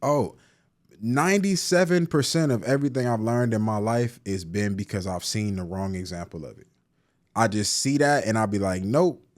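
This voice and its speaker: Animated storytelling man, low voice. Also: normal speed. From Cleveland, Ohio. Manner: animated storytelling, slangy, many "like"s and restarts. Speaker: guest, therapist and poet. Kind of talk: casual conversational interview.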